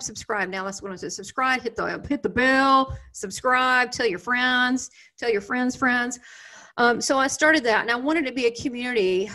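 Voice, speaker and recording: A woman's voice: on the high side, sharp tone. A middle-aged woman with a Southern US accent talks straight to her viewers as the host of her own channel. She rambles through a personal story with plenty of fillers, restarts and side comments, keeping a loose, chatty flow.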